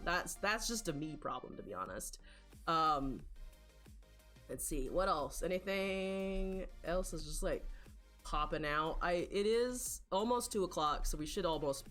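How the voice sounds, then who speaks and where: A woman from rural Appalachia chats casually with her stream. Her voice sits a little low but sounds sharp and forceful, and her pitch swings widely as she rambles and swears playfully. Faint music plays behind her. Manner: rambling, profane and playful, breaks into laughter. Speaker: live streamer. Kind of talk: casual live-stream chat reading viewers.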